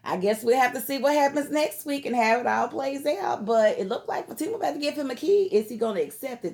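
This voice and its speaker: A woman's voice: high voice, normal speed. Heated woman from Kentucky ranting. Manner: emphatic and heated, lively, outspoken slang. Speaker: TV show recap vlogger. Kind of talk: casual vlog commentary.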